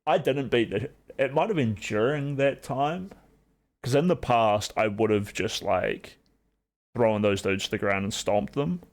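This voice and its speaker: A man's voice: mid-range voice, measured pace. A young man streaming live, chatting casually and rambling with lots of filler words. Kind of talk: casual chat on a livestream.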